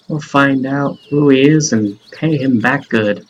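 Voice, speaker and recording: A plucky young female adventurer in a fantasy game, chatty and reassuring toward her best friend, as a man reads her lines. The voice sits at an ordinary middle pitch with no big put-on shift. Faint outdoor hiss runs behind. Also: a little slow, dull audio, natural voice. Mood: earnest. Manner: chatty, reassuring, reading game dialogue aloud.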